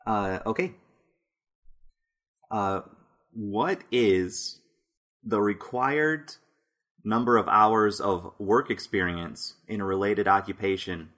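A man hosts a casual quiz segment on a podcast. His voice sits a little low, and he reads out answers in a playful, easygoing way, often breaking into laughter. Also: slow, pauses often, a bit bright. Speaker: podcast host running a quiz. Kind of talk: casual comedic chat.

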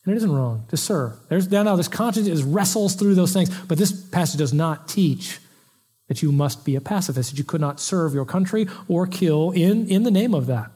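A man preaching an expository sermon from the pulpit, in a conversational and animated way, acting out the lines he quotes. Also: high-pitched, moderate pace, breathy edge. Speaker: pastor. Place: church pulpit.

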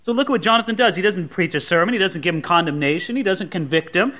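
A man delivers an expository sermon in a notably high-pitched voice. His tone is bright and forceful. He leans into dramatic readings of the characters' words. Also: animated, quick pace. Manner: dramatic, voices the Bible characters with rising intensity. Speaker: pastor.

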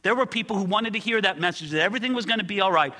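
An earnest male preacher with a high, very bright voice that soars into loud pleading passages. His words ring out with a long hall reverb behind them. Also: racing. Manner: earnest, rises high and loud when acting out pleas. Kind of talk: expository sermon.

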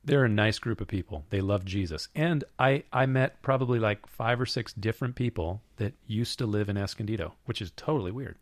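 Hoarse man, low voice, dry close sound, wry casual co-host chat. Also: brisk, hardly any pauses, no echo. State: hoarse, recovering voice. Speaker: podcast co-host.

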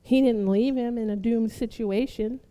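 A woman pastor preaching a sermon, building to loud, fervent exhortation and calling her listeners beloved. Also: a little high, steady tone, normal speed, long reverb tail.

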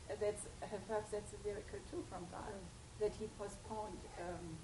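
A woman's voice: mid-range voice, steady tone, moderate pace. A woman taking part in a casual discussion, hesitant, with many ums and uhs. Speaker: discussion participant. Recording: echoey room with background noise.

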